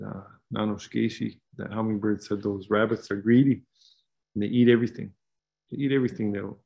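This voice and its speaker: A man from Wisconsin telling a traditional story in an unhurried, halting way, with many fillers and repeated words, over a video call. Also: fairly low pitch, gravelly, warm tone, muffled recording. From Wisconsin, USA.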